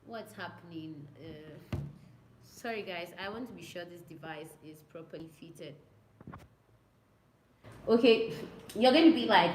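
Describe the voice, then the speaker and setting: A woman's voice: lowish voice, a little slow, pauses often, slight background noise. A young woman, a student pilot, chatting casually with viewers, repeating herself and mimicking radio calls. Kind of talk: casual chat answering viewer questions. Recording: echoey room with faint ambience.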